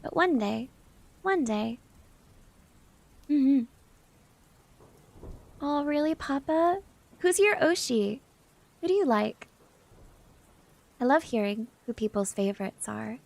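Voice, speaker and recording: A young woman chats casually on a live stream, answering her viewers one message at a time. She talks at an unhurried, drawn-out pace with a slightly high voice. A gravelly vocal fry runs through her speech. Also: expressive, a little mellow. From Southern United States. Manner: chatty, reads out and answers chat. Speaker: VTuber streamer.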